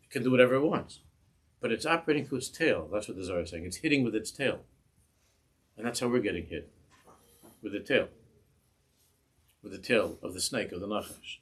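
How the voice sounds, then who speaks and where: A husky, fairly low-voiced man teaches a Torah class in a synagogue. He speaks passion, circles back over his words and stretches out the phrases he quotes. His voice sits on the low side and carries a grainy, breathy edge. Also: fairly bright tone. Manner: impassioned, repeats and restarts words, slows on quoted phrases. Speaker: rabbi giving a Torah class.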